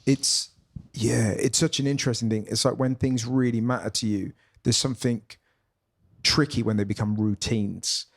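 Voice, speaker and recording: A man's voice: mid-range voice, steady tone, moderate pace, creaky, breathy edge. A man, a guest comedian talking in a reflective, musing way that often trails off and restarts. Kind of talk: casual conversation.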